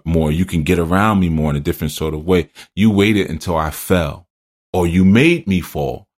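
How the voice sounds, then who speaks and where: A man hosting a spiritual teaching podcast, drifting into loose personal stories and laughing at himself. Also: deep voice.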